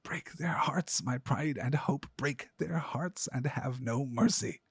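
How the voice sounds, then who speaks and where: A man voicing a cold, scheming old woman in a slow whispered role-play. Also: mid-range voice, vocal fry, husky, no room sound, exaggerated voice. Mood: cold urging.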